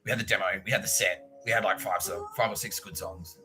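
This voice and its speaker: Aussie guy telling crazy stories, bright voice, swears and laughs a lot, quiet music underneath. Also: low voice, fast. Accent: Australian. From Australia. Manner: animated, swearing, laughing often, acts out voices in his stories. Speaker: podcast host. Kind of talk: casual storytelling.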